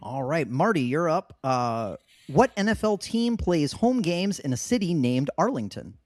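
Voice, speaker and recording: Guy hosting a pub trivia podcast, slightly high voice, bouncy and laughy, dry close mic. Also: sing-song, a little slow, a little mellow, no room sound. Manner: laughs often, loose and joking. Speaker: trivia quiz host. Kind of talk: casual podcast quiz hosting.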